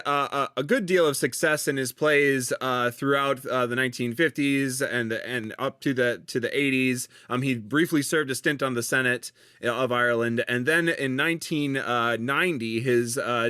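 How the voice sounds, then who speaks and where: A man's voice: mid-range voice, bright, forceful tone, smooth, dry recording, studio quality. A man hosting a podcast, giving a background talk in a casual, hesitant way with many restarts. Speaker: podcast host.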